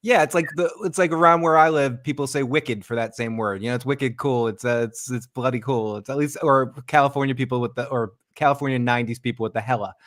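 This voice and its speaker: A laid-back man chatting on a call-in stream with blunt, joking remarks. His mid-pitched voice sounds dry and close. He speaks in an easy, unhurried way. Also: fairly bright tone, no echo. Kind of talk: casual call-in chat.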